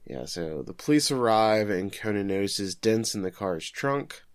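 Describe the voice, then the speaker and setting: A man's voice: on the low side, expressive, unhurried, clear, resonant tone, dry recording, studio quality. A man co-hosting a casual podcast, recapping an episode with joking, sarcastic asides. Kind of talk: casual chat.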